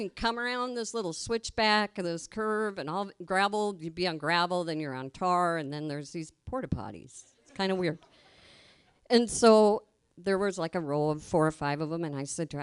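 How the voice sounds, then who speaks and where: A woman's voice: medium pitch, clean tone, no room sound, clean studio sound. A middle-aged woman telling a personal story live on stage, colloquial, laughing as she goes and acting out the voices she quotes. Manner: colloquial, laughs through her own story.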